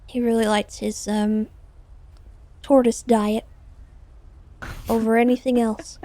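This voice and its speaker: A woman in her twenties chatting casually while playing a police officer in a roleplay game, explaining things in a relaxed, rambling way. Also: a little high, slow pace. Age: 20s. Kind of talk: casual chat during roleplay.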